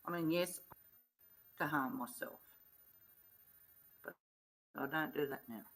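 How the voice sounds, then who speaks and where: Middle-aged woman, vlogger, blunt earnest storytelling, clear bright tone, slow delivery. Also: low-pitched, rough recording. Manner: slow, earnest retelling with blunt colloquial talk. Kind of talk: casual storytelling vlog.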